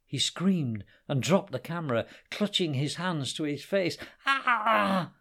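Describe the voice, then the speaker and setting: A man reading a children's story aloud, with expressive storytelling. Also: a little high, a little slow. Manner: expressive, varied storyteller delivery.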